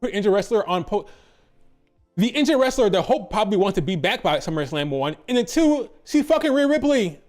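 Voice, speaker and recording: A man's voice: sits high, big pitch swings, fairly quick, a little mellow, soft background music. A man hosting a wrestling commentary channel, ranting in an exasperated, profane, repetitive way.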